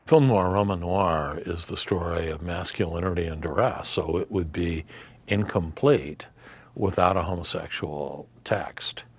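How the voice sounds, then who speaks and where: A film commentator in a documentary interview with a measured, blunt manner. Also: male voice, sits low, slightly rough.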